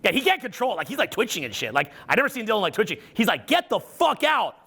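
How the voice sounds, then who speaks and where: Middle-aged male coach addressing a live audience, high bright voice, swears a lot and acts out the quotes. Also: very fast, breathy edge. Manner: animated, profane storytelling with acted-out quotes. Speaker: social skills coach. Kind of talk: live seminar talk.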